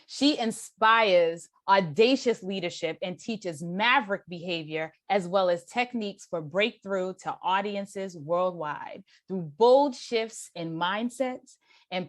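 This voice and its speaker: A woman's voice: mid-range voice, dry recording, clean studio sound. A woman with a Boston accent moderating an online event, introducing the speaker with effusive, repeated praise.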